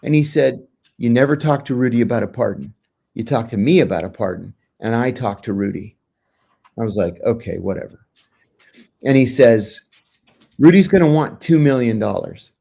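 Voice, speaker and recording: A middle-aged American man, a former intelligence officer, tells a story as an interview guest, acting out the quoted lines with sudden jumps in pitch. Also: lively intonation, moderate pace, creaky, warm tone. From United States.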